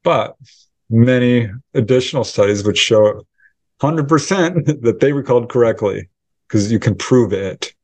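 A man, a researcher and author, answering interview questions as a lively storyteller who acts out the voices of people in his account. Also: mid-range voice, measured pace, no echo. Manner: animated storyteller acting out quoted dialogue. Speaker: UFO researcher and author, guest.

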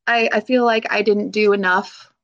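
A woman who served in the military, talking haltingly and emotionally in an interview, with many fillers and nervous laughs. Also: medium pitch, fairly even intonation, fairly bright tone, highs cut off. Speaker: military veteran guest.

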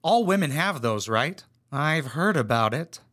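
A young man with a high, bright voice runs a comedic reaction commentary. He is crude and sarcastic and swears freely. His tone stays sharp and lifted. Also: animated, measured pace.

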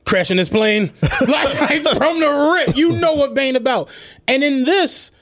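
A man co-hosting a podcast, telling animated stories in casual, profane chat and acting out what people said. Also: very high voice, unhurried. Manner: animated storytelling, profane, acts out quotes. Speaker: podcast co-host.

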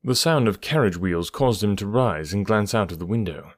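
A man narrating an audiobook chapter in a steady, even storytelling manner. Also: on the low side, normal speed, dry recording, studio quality. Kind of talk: scripted narration.

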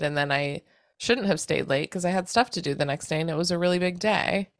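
A woman co-hosting a podcast, chatting casually and telling an animated story with plenty of swearing. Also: deep voice, fast, dry recording, clean studio sound. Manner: acts out others' lines in quoted voices. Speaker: podcast co-host. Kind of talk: casual chat.

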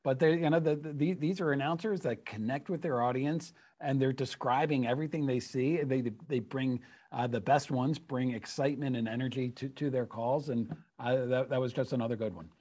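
A man's voice: mid-range voice, brisk. A man co-hosting a sports media podcast, chatting casually and often repeating words as he restarts. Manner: relaxed, stumbling over repeated words. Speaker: podcast co-host.

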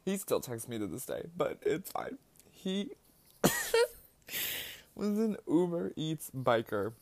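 This young man's voice sits fairly high and swings hugely in pitch as he speaks slowly, with no room sound. He hosts a podcast indoors, eating while recording, and spins personal stories in a relaxed monologue, laughing a lot, chatting away, and leaning on "like."

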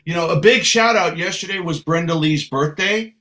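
A man from San Francisco, a guest musician telling lively anecdotes in a casual interview. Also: a little high, normal speed. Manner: lively storyteller, acts out voices.

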